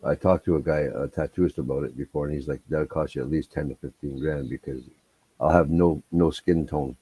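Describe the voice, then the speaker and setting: A man's voice: very deep voice, fairly even intonation, a little fast, warm tone, husky, dry recording. A man chatting on a livestream, telling stories full of swearing and teasing with a laugh. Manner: profane, laughing, teasing storyteller. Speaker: guest on a livestream. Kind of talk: casual chat.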